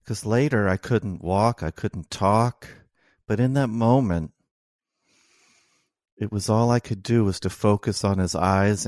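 Middle-aged doctor guy, super slow and halting, low voice, dry sound. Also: a little mellow, dry recording. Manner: slow, halting, with many restarts and fillers. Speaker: oncologist and author. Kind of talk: interview guest telling a personal story.

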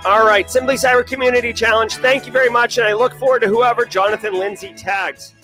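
Male Boston host, high bright voice, rambling live-stream chatter, faint music under it. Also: quick pace. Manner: energetic, rambling, self-joking. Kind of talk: casual live-stream chat.

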